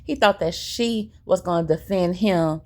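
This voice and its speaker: A woman's voice: lowish voice, a little slow. A woman giving a chatty, sassy recap of a reality show and acting out what the cast said. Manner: chatty and sassy, retelling scenes with quoted lines. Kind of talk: casual recap commentary.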